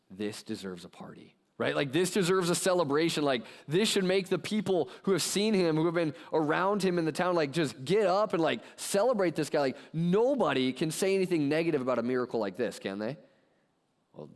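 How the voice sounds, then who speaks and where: A man delivers a sermon as a casual, animated retelling and keeps dropping "like" between phrases. His voice sits at an ordinary middle pitch. A long reverb from the church hall trails after each phrase. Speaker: pastor. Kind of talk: conversational sermon storytelling. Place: church sanctuary.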